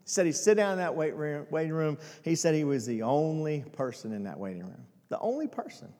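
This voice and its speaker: A man preaching a sermon as pastor, swinging between hushed and loud passages. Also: fairly high pitch, big pitch swings, brisk, big-room sound.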